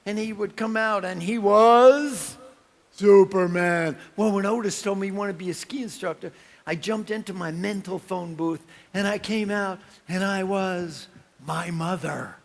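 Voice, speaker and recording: High, gravelly man telling stories on stage. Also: measured pace. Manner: animated storytelling with acted-out voices and shouts. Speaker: keynote speaker. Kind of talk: motivational keynote speech. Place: conference hall.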